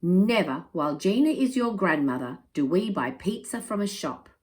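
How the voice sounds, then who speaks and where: A woman reading aloud, voicing an excitable older grandfather who protests loudly. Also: fairly low pitch, moderate pace, natural voice. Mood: indignant. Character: excitable old grandfather, insistent.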